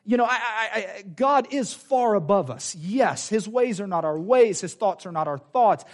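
A man preaching a sermon in a church, animated, repeating phrases and acting out quoted voices. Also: sits high, moderate pace, hardly any pauses. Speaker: pastor. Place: church sanctuary.

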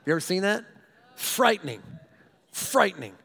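Middle-aged pastor guy, high voice, animated funny sermon story, keeps repeating words. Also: moderate pace, vocal fry, breathy edge. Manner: animated, self-mocking storyteller who stumbles and repeats words.

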